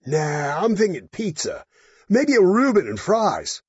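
A man's voice: high voice, sing-song, unhurried, darkish tone, breathy edge, dry recording, lo-fi sound, pitched above the performer's own voice, full character voice. A man voicing a drunk, whiny male accountant who slurs his words. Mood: drunken whining. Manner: slurring, whiny.

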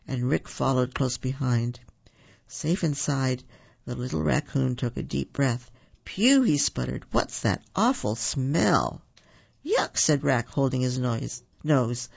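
A man's voice: mid-range voice, gravelly, darkish tone. A man reading a children's story aloud, with small slips and restarts. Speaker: storybook reader. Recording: dull lo-fi recording.

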